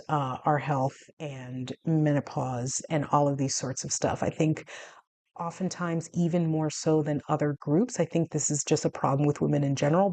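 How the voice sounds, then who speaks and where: A woman's voice: mellow, dry recording. A woman in her forties from the United States, talking casually to camera about her health and laughing often. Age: 40s. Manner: chatty, laughs often, acts out dialogue with big jumps in pitch. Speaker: health vlogger.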